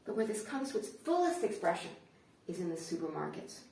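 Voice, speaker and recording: A woman comedian performing a stand-up routine, telling her stories in an animated way. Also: fairly low pitch, a little fast, creaky. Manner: animated storytelling. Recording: roomy, distant mic.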